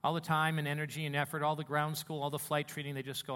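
A man preaching a sermon as a pastor, telling stories with animated swings between hushed and loud delivery. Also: a little high, quick pace.

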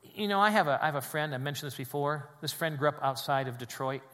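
A male pastor delivers a sermon in a church sanctuary, his fairly high voice trailing off into a long reverb. He rises to loud emphasis on key phrases, then drops to a quiet, low delivery. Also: quick pace. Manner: dynamic preaching, swings between loud emphasis and quiet drops.

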